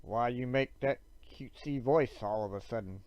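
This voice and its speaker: A man's voice: medium pitch, moderate pace, darkish tone, poor audio. A man livestreaming a game, reading its dialogue aloud with loose, joking asides. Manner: loose, joking asides between read lines. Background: game music.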